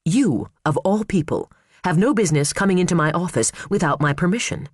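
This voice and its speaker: A man voicing a sharp, fierce female prosecutor with a curt, cutting manner, in an audiobook. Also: high voice, lively intonation, brisk, breathy edge, no echo, clean studio sound, pitched above the performer's own voice. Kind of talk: audiobook character voice.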